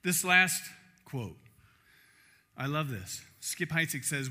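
A middle-aged male preacher delivers a sermon built around a personal story, animated and vivid. His voice is very bright and sits a little high. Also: moderate pace. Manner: animated storytelling, acts out crowd chants.

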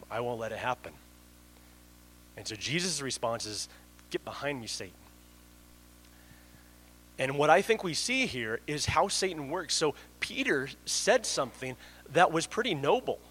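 A man's voice: medium pitch, a bit bright, a little hiss or hum, rough recording. A man preaching a sermon in an earnest way, often restarting his sentences. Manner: earnest, with frequent restarts and fillers. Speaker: pastor.

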